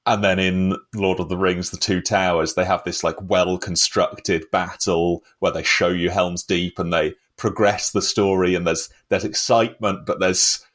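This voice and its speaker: A man's voice: low-pitched, steady tone, normal speed. A man hosting a film podcast, chatting casually and rambling with frequent restarts and laughs. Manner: rambling, self-interrupting with laughs.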